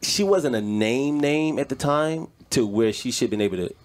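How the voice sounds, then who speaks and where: A man appearing as a comedian guest on a radio talk show, telling stories in a quick, emphatic way. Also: medium pitch. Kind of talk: casual studio chat. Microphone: studio microphone.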